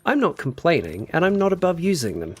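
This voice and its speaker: A man's voice: on the high side, huge pitch swings, brisk, slightly rough, faint music behind. A man casually chatting on a gameplay livestream, muttering to himself while building and answering his chat. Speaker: streamer.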